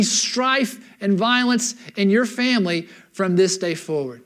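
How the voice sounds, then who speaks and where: A man with a notably high voice delivers a sermon as a pastor, telling an old scripture story in casual, everyday language. He keeps checking in with his listeners as he goes. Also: unhurried, few pauses. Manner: animated storyteller, checks in with the room.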